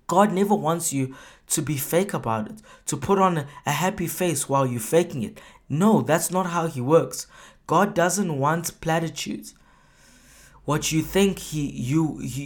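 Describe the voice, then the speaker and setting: A preacher giving a sermon in an emphatic manner, asking rhetorical questions and acting out quoted prayers with feeling. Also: mid-range voice.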